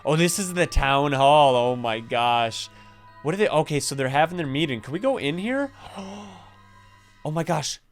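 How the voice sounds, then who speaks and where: Excitable young man with a smooth voice. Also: a little high, normal speed, faint music behind. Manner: excitable, chatty, drops to hushed tones when spooked. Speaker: gaming YouTuber. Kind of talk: gameplay commentary and story reading.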